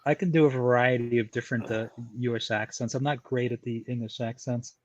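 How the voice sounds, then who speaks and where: A man tells chatty, animated stories on a casual podcast. His voice sounds dry and close, with no room echo. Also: mid-range voice, fairly quick, highs cut off. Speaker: podcast host.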